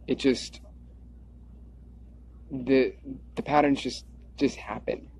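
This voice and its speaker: A man's voice: mid-range voice, slow pace, a little mellow, slightly rough. A man rambling in a stream-of-consciousness monologue, drifting, repeating words and circling back on his thoughts. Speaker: video creator. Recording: dull lo-fi recording.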